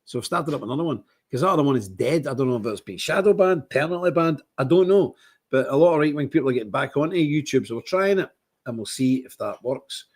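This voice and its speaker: Scottish male streamer, husky voice, rambling and worked up, casual monologue. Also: animated, fast. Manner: rambling, indignant, lots of restarts and big pitch swings. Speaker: livestream host.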